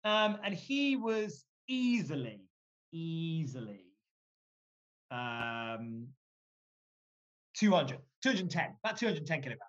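A man speaking as a guest, telling a story in a lively, joking way and swearing casually. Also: a little high, slow pace, pauses often, muffled recording.

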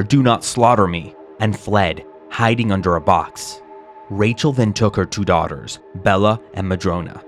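A man solemnly reading a historical chronicle aloud in a grave, measured, mournful way. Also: low-pitched. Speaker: narrator. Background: faint music.

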